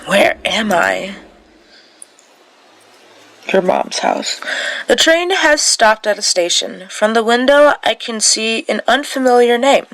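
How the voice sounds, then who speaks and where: Slow, sleepy woman reading a story game. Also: a little high, animated, a bit bright, low-quality recording. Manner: sleepy, stumbles over words and corrects herself. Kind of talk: reading a story game aloud with casual asides.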